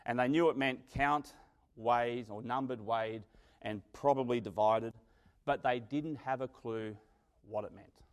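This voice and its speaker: A man preaching a sermon, telling stories with dramatic swings from loud to quiet. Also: mid-range voice, a little slow. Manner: animated storytelling, dramatic swings in loudness.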